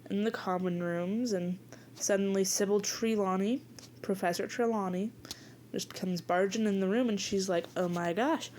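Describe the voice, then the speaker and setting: A woman's voice: medium pitch, fairly even intonation, moderate pace, a little mellow, a little hiss or hum. A young woman casually improvising a rambling story, chatty and giggly. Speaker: video creator.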